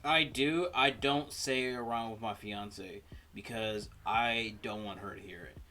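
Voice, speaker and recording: A man hosting a reaction video, talking through personal stories in a rambling, halting way with many fillers. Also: mid-range voice, bright, forceful tone. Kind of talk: casual reaction commentary.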